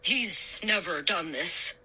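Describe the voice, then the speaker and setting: A woman's voice: a little high, big pitch swings, unhurried, sharp tone, slightly rough, heavily acted. A woman voicing a tired, exasperated suburban father who speaks apologetically in a storybook reading. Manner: apologetic, weary.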